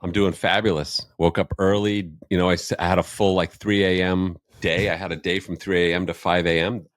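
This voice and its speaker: Brief: very low male voice, dry close sound, tennis coach guest, deadpan jokes. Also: a little fast, no echo. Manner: dry, self-deprecating humor. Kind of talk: casual podcast chat.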